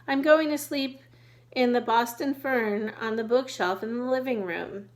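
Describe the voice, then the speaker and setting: A woman voicing a tiny, gentle female songbird who speaks softly and courteously. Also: fairly high pitch, measured pace, natural voice. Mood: polite. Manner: soft and courteous.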